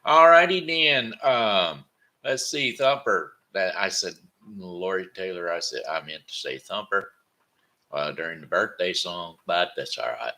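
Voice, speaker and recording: Rambling man, deep bright voice. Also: unhurried. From Missouri, United States. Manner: repeats words, stumbles and corrects himself. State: tired, sleepy. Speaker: host of a daily home broadcast. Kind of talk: rambling casual monologue. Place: at home.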